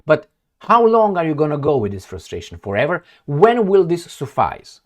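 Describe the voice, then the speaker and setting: A fairly high male voice with huge pitch swings carries a moderate-paced political rant. The speaker, an Eastern European commentator whose native language is Romanian, speaks English as a non-native and points at a map while delivering sarcastic, heated opinions.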